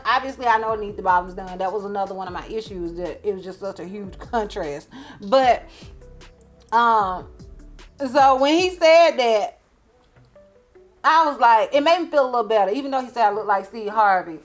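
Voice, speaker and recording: A woman's voice: a little high, normal speed, faint music behind. A woman, a beauty vlogger telling a storytime, chatty, laughing often and acting out what others said. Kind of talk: storytime vlog.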